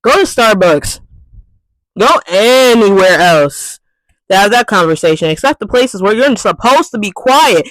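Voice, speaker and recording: A vlogger delivering an irritated, profane rant straight to camera. The voice sits at a middling pitch and keeps circling back to the same words for emphasis. The recording is dry and close, with no room sound. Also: expressive, measured pace, a bit bright, dry recording, poor audio. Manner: exasperated, profane, repetitive.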